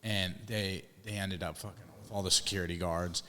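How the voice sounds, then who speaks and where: Casting note: young guy, low voice, loose and profane storyteller, recorded in a reverberant room. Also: steady tone, fairly quick, bright, forceful tone, a little hiss or hum. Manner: rambling, swearing, restarts. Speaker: podcast co-host. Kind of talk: casual storytelling chat.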